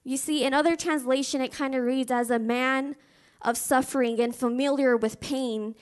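Woman preacher, higher-pitched voice, earnest personal storytelling sermon. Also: fairly even intonation, moderate pace. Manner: fervent spoken prayer.

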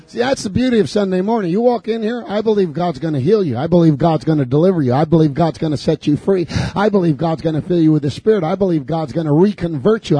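A man preaching a fervent sermon in a church, building repeated declarations up to shouts. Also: sits high, breathy edge, no room sound. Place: church sanctuary.

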